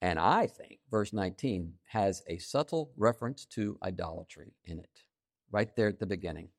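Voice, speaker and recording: A man preaching a sermon, stressing key phrases by repeating them and swinging between loud emphasis and quiet asides. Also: low voice, animated, normal speed, no echo, studio quality. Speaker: pastor.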